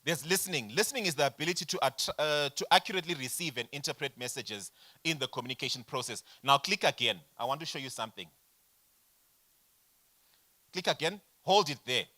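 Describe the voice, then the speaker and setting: Lively man teaching a business workshop. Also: fairly high pitch, a little fast. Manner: animated, addresses audience directly with rhetorical questions. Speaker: workshop facilitator. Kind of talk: lecturing a workshop. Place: workshop room.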